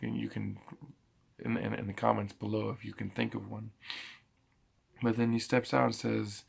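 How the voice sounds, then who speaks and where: A man's voice: fairly low pitch, gravelly, husky. A man giving a casual bible teaching, thinking aloud and often restarting his sentences. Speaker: preacher.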